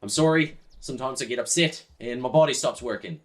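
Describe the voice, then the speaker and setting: A man's voice: medium pitch, a little fast, pitched above the performer's own voice, lightly acted. A man voicing a melodramatic grown male caravan driver who swings into despair at the smallest loss, in a raised, theatrical voice. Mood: relieved. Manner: theatrical, overwrought, gushing.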